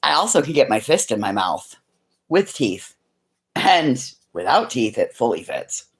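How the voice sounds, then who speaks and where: A woman's voice: extremely low pitch, sing-song, unhurried, breathy edge. A woman chatting casually and frankly with live viewers from her home, swearing freely as she rambles. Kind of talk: casual livestream chat. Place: at home indoors, living room.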